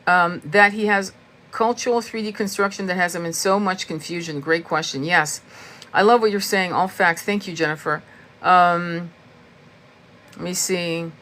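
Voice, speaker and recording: An American woman leads a casual spiritual live stream and answers her viewers' comments as she goes. She talks bluntly and swears freely. Her delivery is animated and punctuated by laughter. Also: medium pitch. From United States. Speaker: tarot reader hosting a live stream.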